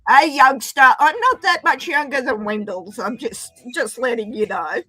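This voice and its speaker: Bright high-voiced woman in her forties. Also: sing-song, moderate pace, slightly rough, no echo, soft background music, rough recording. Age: 40s. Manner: teasing, chatty. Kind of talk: casual chat.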